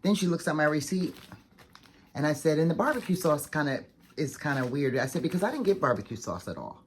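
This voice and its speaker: Chatty, fast-talking woman vlogger. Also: low voice, a little hiss or hum. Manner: chatty, fast-talking, animated retelling with many "like"s. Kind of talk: casual storytelling to camera.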